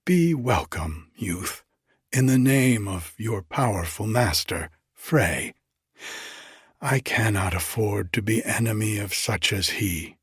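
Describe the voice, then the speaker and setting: A man voicing an obstinate young giantess maiden in a hushed, defiant whispered role-play. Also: on the low side, expressive, takes it slowly, husky, no echo, studio quality, exaggerated voice.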